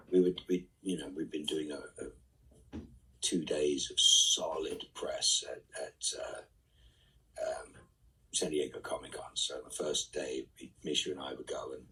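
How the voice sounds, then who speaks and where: A man reading fan questions aloud and answering them casually in a live online Q&A, often trailing off into soft asides. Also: very deep voice, husky, recorded from a distance, rough recording.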